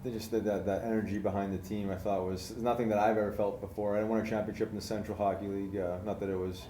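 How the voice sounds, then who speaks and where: A man, a former hockey player hosting a casual interview, speaking hesitantly with frequent pauses and repeated words. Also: on the low side, little pitch movement, dark tone, echoey room, a little hiss or hum. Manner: hesitant, many fillers and restarts, affirming often.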